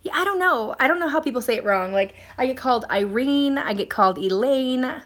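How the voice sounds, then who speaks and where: A woman's voice: high voice, big pitch swings, fast, fairly bright tone. A woman hosting a casual live stream, chatting and answering viewer comments in a rambling way with plenty of ums and restarts.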